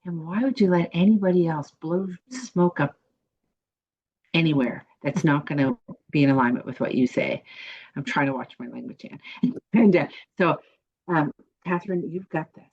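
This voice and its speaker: A woman's voice: low voice, expressive, moderate pace, slightly rough, muffled recording. A woman psychic giving an emphatic, encouraging reading to a viewer, repeating her reassurances. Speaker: psychic panelist.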